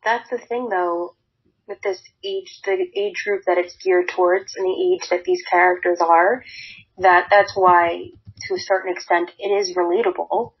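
A woman co-hosting a casual book-recap podcast, with a husky, slightly breathy voice that sits low. She rants bluntly and swears without a second thought. The recording is dull and lo-fi. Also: steady tone, moderate pace. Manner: blunt, swears freely, exasperated ranting. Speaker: podcast co-host.

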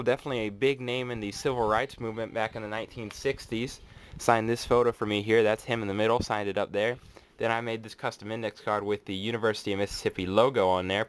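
A man casually unboxing mail on his vlog, chatty and excitable, thinking aloud as he goes. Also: lowish voice. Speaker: autograph collector vlogger.

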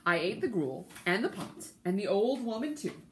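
A woman voicing a greedy, boastful fat male cat in a storybook reading, listing loudly everything he has eaten. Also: mid-range voice, sing-song, moderate pace, slight background noise, natural voice.

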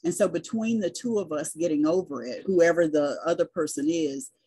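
A middle-aged woman with a Southern US accent talks through her stories at an easy pace, even spelling things out. Her voice sits low and mellow, with a husky edge to it. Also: moderate pace. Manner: chatty storyteller, spells things out. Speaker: business and sales coach, guest. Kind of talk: casual interview chat.

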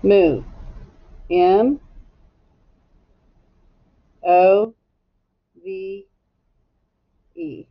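A woman's voice: fairly low pitch, animated, drawn-out words, pauses often, lo-fi sound. A woman teacher leading a phonics lesson for young children, sounding out letters one by one and giving patient step-by-step directions. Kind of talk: slow, drawn-out phonics lesson.

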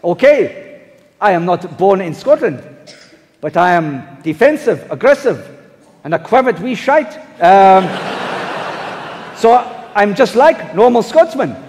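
A man's voice: high voice, sing-song, slow pace, long pauses, darkish tone, a little hiss or hum, full character voice. A man impersonating an earnest German football coach with a German accent, speaking broken English on a live stage. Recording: live hall with audience.

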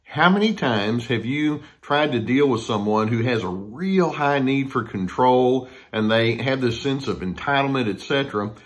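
A man's voice: medium pitch, expressive, normal speed, few pauses. A male counselor speaks conversationally to the camera, acting out the people he quotes. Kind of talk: talking to camera about difficult people.

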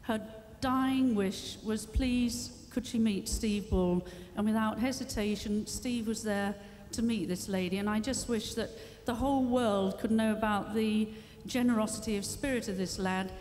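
A woman's voice: medium pitch, measured pace, hardly any pauses, a little mellow. A woman giving a humorous anecdotal speech at a live tribute evening, dry and teasing, playfully mimicking others. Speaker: guest speaker at a tribute evening. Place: large civic hall, live event. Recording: long hall reverb, faint background noise.

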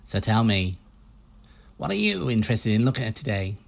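A man voicing a pushy, fast-talking used-ship salesman with a put-on American salesman accent, reading game dialogue. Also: on the low side, very animated, vocal fry, exaggerated voice. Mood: smooth salesy. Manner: slick, hard-selling patter.

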